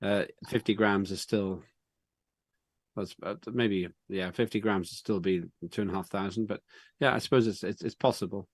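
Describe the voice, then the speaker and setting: A man's voice: lowish voice, fairly even intonation, normal speed, no room sound. A man chairing an online parliament meeting, who speaks in an earnest, reflective and encouraging way.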